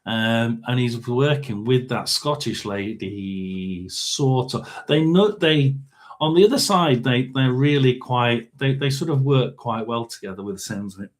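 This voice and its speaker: A middle-aged man doing a casual tarot and spirit box reading, rambling and halting with frequent ums and throat clearing. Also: mid-range voice, animated.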